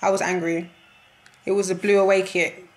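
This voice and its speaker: A young woman chatting through a football match reaction in a casual, slangy way. She sounds exasperated and laughs often as she talks. Her voice sits at an ordinary middle pitch. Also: flat delivery, normal speed.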